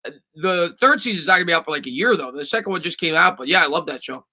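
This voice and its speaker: Bright, high-voiced stream host. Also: male voice, lively intonation, fast, rough recording. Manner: reads chat questions aloud, many fillers and restarts. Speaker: sports stream host answering chat. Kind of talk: casual live-stream Q&A.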